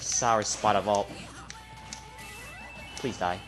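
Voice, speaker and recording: A man giving live gameplay commentary, trash-talking the opponent and muttering between loud outbursts. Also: fairly low pitch, fairly even intonation, slow pace. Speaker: gamer. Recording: loud game music behind voice. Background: fighting game music and effects.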